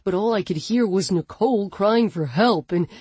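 A woman's voice: medium pitch, moderate pace, mellow, husky, no room sound, natural voice. A woman voicing a furious, protective man in an audiobook, cursing in clipped, heated bursts. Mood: angry.

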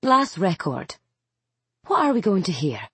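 A woman's voice: lowish voice, very animated, a little slow, fairly bright tone, slightly rough, no room sound. A young woman with a Scottish accent hosting a radio interview, asking poised, probing questions. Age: young adult. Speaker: radio host.

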